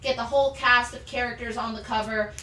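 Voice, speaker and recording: A woman's voice: fairly high pitch, fairly even intonation, a little fast, pushed and bright, recorded from a distance. A woman hosting a live comic sales show, chatty and enthusiastic as she rattles off issue details and prices. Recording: roomy, off-mic, faint background noise.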